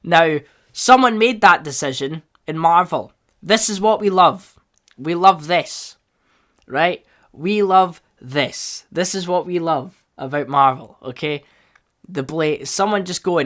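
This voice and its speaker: A man hosting a solo podcast, rambling casually and bursting into loud enthusiasm. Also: a little high, takes it slowly. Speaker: podcast host.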